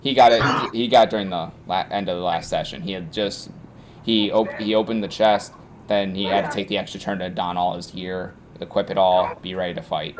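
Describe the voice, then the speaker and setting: A man narrating as game master, halting and listing loot with many fillers. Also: deep voice, fairly even intonation, background noise.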